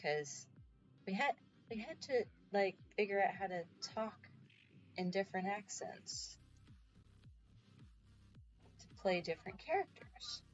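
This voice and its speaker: A woman's voice: mid-range voice, animated, slow pace, long pauses, lo-fi sound, soft background music. A woman chatting casually on a livestream while she paints, giggly and self-mocking. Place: home.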